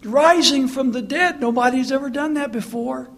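Male pastor, sermon, husky voice pitched high, chatty and earnest. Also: normal speed, fairly bright tone. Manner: conversational, earnest, mocking asides.

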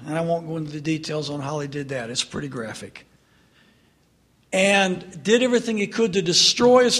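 A man preaching a sermon, retelling a story with drama, dropping to a hush for sad moments and rising to call out to his listeners. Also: on the high side. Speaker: pastor.

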